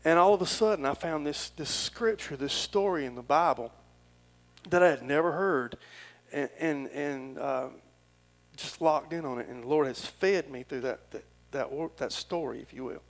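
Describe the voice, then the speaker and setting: A man's voice: on the high side, moderate pace, low-quality recording. A middle-aged man, preaching a folksy, rambling and earnest sermon as pastor.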